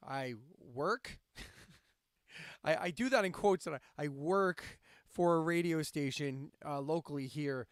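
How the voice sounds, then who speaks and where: Man, high-pitched, dry close sound, casual ranting chat, profane and sarcastic. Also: measured pace, clean tone, dry recording. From central Pennsylvania. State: insomniac, drinking coffee late at night. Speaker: live-stream host and radio DJ.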